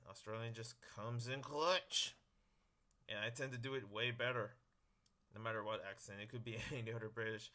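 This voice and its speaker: A man's voice: mid-range voice, sharp tone. A man hosting a casual gameplay video, talking in a jokey, rambling way and chuckling between phrases. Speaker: gaming video host.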